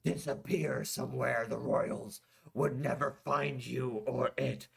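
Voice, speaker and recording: A man voicing a grim, vengeful male warrior lieutenant who talks in a low, intense, commanding way. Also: steady tone, takes it slowly, creaky, breathy edge, heavily acted.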